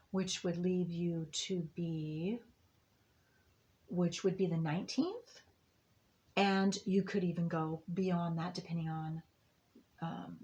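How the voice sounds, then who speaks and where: A woman's voice: on the low side, darkish tone. A woman giving a monthly intuitive reading to her viewers, rambling and restarting with many fillers in a reassuring tone. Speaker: astrology and tarot reader.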